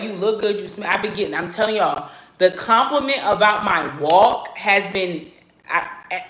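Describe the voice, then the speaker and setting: A woman talking casually to her viewers in a sassy, animated vlog style, laughing and swearing freely. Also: medium pitch, echoey room, low-quality recording. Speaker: vlogger. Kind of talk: casual self-talk vlog.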